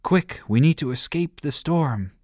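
A man voicing a bossy little girl who plays pirate captain, loud and sing-song. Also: fairly high pitch, expressive, a little slow, no echo, clean studio sound, voice pushed up.

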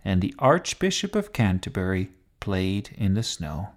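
A male storyteller reading a children's tale aloud and signing off as host. His voice sits low but rolls expressively up and down, gentle throughout. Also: sing-song, a little slow.

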